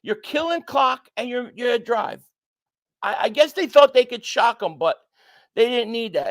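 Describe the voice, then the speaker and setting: A very high-voiced man keeps a moderate pace while streaming his live take on a football game, calling plays and reading chats from viewers aloud. His excitement makes him repeat himself when worked up, and he swings from shouting at calls to flat frustration.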